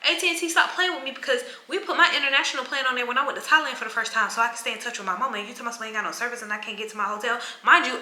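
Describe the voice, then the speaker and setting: A young woman tells an animated, casual vlog story and acts out the people she quotes. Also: a little high, reverberant. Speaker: travel vlogger.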